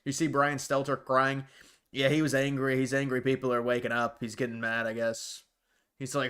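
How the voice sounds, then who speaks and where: A man's voice: mid-range voice, monotone, normal speed, fairly bright tone, clean tone. A man from Ohio hosting a casual livestream, rambling bluntly through viewer questions with frequent restarts. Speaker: livestream host.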